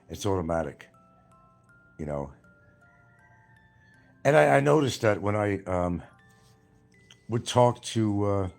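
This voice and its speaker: This older YouTube livestream host from New York, whose accent is slight, reads comments from viewers, wandering off topic and saying things more than once. His voice sits on the low side with a darkish tone.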